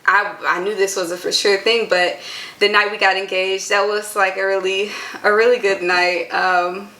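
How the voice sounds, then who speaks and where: A woman's voice: medium pitch, flat delivery, normal speed, bright, forceful tone, echoey room. A woman in her twenties chatting to camera in an earnest, chatty way with lots of filler words. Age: 20s. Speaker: vlogger. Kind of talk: casual chat to camera.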